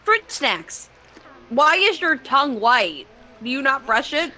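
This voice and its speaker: A woman's voice: high voice, big pitch swings, slow pace, bright, forceful tone, rough recording. A woman co-hosting a film riff, making crude, mocking jokes in casual chat. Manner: crude, joking. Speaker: co-host.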